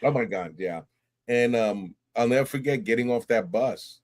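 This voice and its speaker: A middle-aged man from New York, a podcast guest telling his stories in casual, animated talk, often laughing and acting out voices. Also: medium pitch, moderate pace. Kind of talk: casual interview storytelling.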